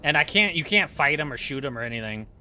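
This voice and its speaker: Bright-voiced joking male streamer. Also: on the high side, lively intonation, fast, slight background noise. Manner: joking, rambling, self-mocking. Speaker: game streamer. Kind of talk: casual chat while playing.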